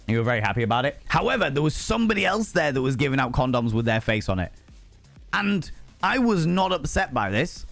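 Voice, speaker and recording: A young man chatting casually on a live stream, animated and swearing freely, jumping high in pitch for emphasis. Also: no echo.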